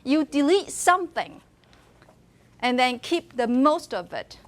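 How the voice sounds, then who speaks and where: High-voiced woman lecturing. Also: very animated, takes it slowly. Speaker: university linguistics lecturer. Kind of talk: classroom lecture. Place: classroom.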